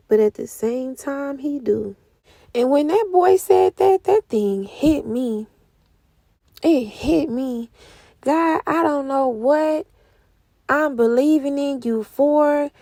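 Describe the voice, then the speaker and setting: A young woman giving an emotional spoken testimony, moving between hushed whispers and loud outcries. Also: high-pitched, dry recording. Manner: speaks slowly with heavy pauses. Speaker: prophetic speaker. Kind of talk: testimony sermon.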